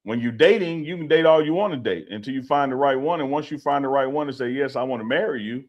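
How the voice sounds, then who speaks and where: A man co-hosting a casual sports talk show, animated and opinionated, repeating himself as he makes his point. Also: fairly high pitch, fast, muffled recording. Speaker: co-host.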